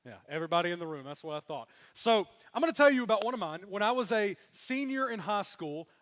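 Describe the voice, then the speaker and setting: Young male pastor, high pitch, humorous storytelling sermon, long reverb of a big room. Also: sing-song, fast talker, a bit bright. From Mississippi. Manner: storytelling with self-deprecating humor. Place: church sanctuary.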